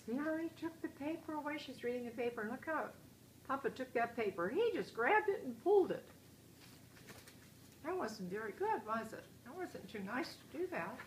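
Older woman, storybook read-aloud, gentle questions to children, animated pitch, faint hiss. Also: normal speed. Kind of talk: picture book read-aloud with asides to kids. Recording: roomy echo, faint hiss.

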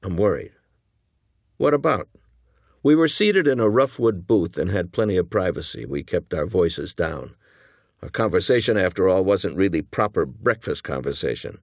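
Low-voiced man reading hard-boiled crime. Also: very animated, normal speed, dry recording. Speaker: audiobook narrator. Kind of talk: first-person crime novel reading.

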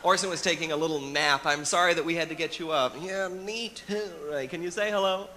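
Brief: cheerful ventriloquist guy, bright tense tone, coaxing his puppet along. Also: fairly high pitch, fast, a little hiss or hum. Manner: upbeat, coaxing, playing straight man. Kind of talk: ventriloquist act.

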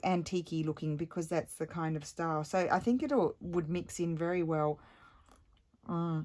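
A woman's voice: on the low side, slight background noise. A woman chatting casually while making a craft at home, rambling with many ums and asides. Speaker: craft vlogger. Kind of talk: casual craft-along chat.

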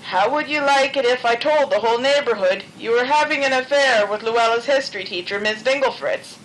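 A pushy, lovesick male jackalope who wheedles and schemes to get his way, as a woman reads him. The voice sits high and bright. A faint hiss runs behind it. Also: a little fast, lightly acted, low-quality recording. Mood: scheming.

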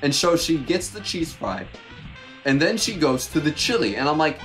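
A young man co-hosting a podcast, telling a work story in a casual, animated and exasperated way. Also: fairly high pitch, normal speed, soft background music. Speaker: podcast co-host.

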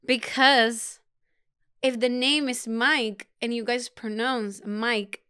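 A woman co-host chatting in a studio, unhurried and playful. Her voice is smooth and clear, and she laughs often while teasingly sticking to her point. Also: a little high, fairly even intonation, bright, forceful tone. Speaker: podcast co-host. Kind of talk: casual chat.

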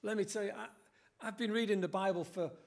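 An older man delivers an earnest sermon in a church, his voice sitting notably high. He quotes scripture and lifts his emphasis as he goes. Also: steady tone, fast talker, creaky. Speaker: preacher.

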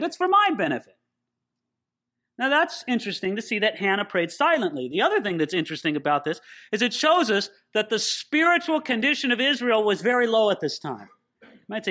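A man's voice: high voice, sharp tone. A man as a pastor teaching a sermon through a Bible passage, conversational and emphatic, with joking asides.

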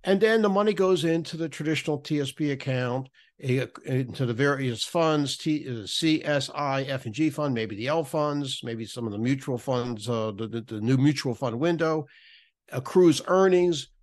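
Halting man explaining tax rules. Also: medium pitch. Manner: halting, with many restarts and repeated words. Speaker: podcast guest, federal benefits writer. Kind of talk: explanatory podcast talk.

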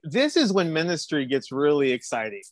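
A middle-aged man as an interview guest, telling a personal testimony in an animated, quick way. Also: a little high, no echo. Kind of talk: storytelling testimony.

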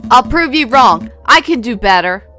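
Woman reading a stubborn young lawyer guy in a game, high, lively, bright tone. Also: normal speed, faint music behind. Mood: flustered.

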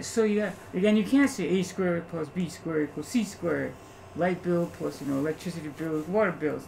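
A man lectures a class on algebra with a gravelly, rough-edged voice. He is animated and insistent, pausing often to ask whether the students are following. Faint noise sits under the recording. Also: sits high, low-quality recording. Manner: animated, keeps checking understanding with rhetorical questions. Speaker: math teacher.

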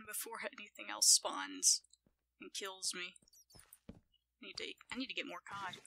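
A woman quietly commenting on her own gameplay, often in a whisper and talking playfully to herself. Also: mid-range voice, sing-song, normal speed, a little hiss or hum, low-quality recording. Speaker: gaming channel host.

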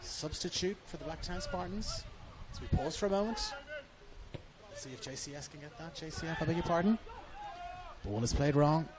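A man's voice: fairly high pitch, normal speed, long pauses, a crowd in the background. A man with an Australian accent giving live football match commentary from a commentary box at the ground, rising with the action.

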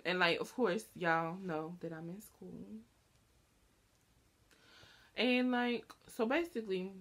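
A young woman talks casually to camera as a vlogger, chatty and rambling, with plenty of fillers. She jumps into animated, higher-pitched impressions whenever she quotes someone, and her voice sits at an everyday middle pitch. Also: measured pace.

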